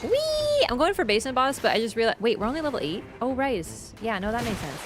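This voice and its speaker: A woman streaming a video game in casual chat, excitable, swearing and yelping when startled. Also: on the high side, quick pace. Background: game music.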